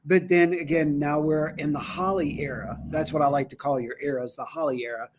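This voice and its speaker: A man co-hosting a paranormal talk show, telling funny stories in an animated way and jumping high when he quotes people. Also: brisk, background noise. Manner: animated storyteller, voice jumps high for quoted shouts. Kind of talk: casual chat.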